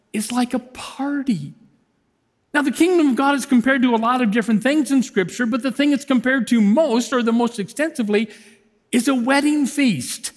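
A man giving a sermon as a lay preacher, animated and swinging between shouts and hushed tones. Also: very high voice, big-room sound.

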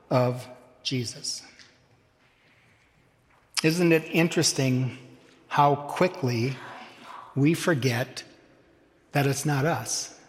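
A man preaching a sermon as pastor, slow and deliberate with dramatic pauses, addressing his congregation. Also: on the high side. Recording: long hall reverb.

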